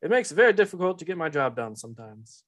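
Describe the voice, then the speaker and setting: A man's voice: on the high side, sing-song, fast talker. Man putting on a drawling Southern police chief. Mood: exasperated. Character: fatherly older male police chief, drawling.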